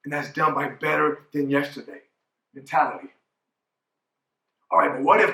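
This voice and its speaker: Pria bersuara cerah di aula bergema. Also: male voice, a little high, moderate pace, creaky, pauses often, sharp tone, echoey room. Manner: emphatic, punctuates with "right?". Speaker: motivational speaker and coach. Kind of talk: motivational keynote talk. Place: conference hall.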